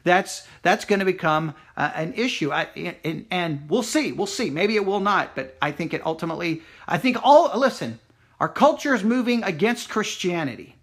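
A man from Texas holds forth as host of a Christian talk program. His voice sits high, and he rambles in an animated, loose monologue, restarting sentences and leaning on fillers as he works through his points. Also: moderate pace. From Texas, USA. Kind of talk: casual monologue.

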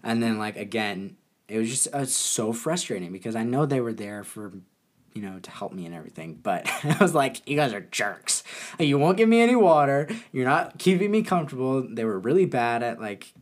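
Young man, casual storytelling, animated, laughing often, trails off mid-sentence. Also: mid-range voice, brisk. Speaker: guest telling a story.

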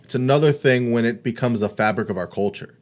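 A man's voice: medium pitch, fast. A man in casual podcast chat, rambling, with lots of restarts and "like". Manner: rambling, restarts, heavy use of "like".

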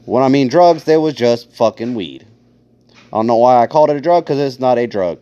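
A man's voice: medium pitch, expressive, fairly quick, dark tone. A young man from Ohio hosting a podcast, telling stories in a crude, heavily profane, sarcastic way. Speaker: podcast host. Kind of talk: casual storytelling monologue. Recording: dull lo-fi recording.

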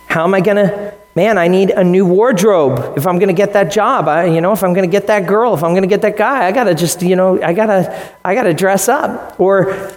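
Animated man preaching in an echoey church. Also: high voice, brisk. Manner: animated, joking asides, acts out quoted voices. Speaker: pastor. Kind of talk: sermon. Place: church sanctuary with congregation. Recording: echoey church hall, long reverb.

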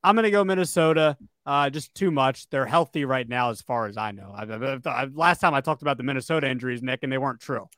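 A man's voice: medium pitch, expressive, fast talker, hardly any pauses, fairly bright tone, no room sound, studio quality. A man co-hosting a casual sports podcast, rambling with fillers and restarts. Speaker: podcast co-host.

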